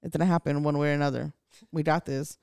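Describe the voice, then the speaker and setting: A young woman co-hosting a casual podcast, swearing freely and laughing through her banter. Her voice sits a little low for a woman. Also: fairly even intonation, fast talker, creaky, darkish tone, clear, resonant tone. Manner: profane, laughing, loose banter. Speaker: podcast co-host.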